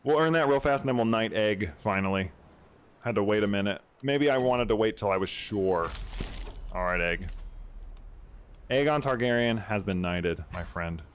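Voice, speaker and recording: A man chatting casually over his gameplay, excitable and slangy, with quick asides to his viewers. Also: lowish voice, slight background noise. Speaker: gameplay streamer.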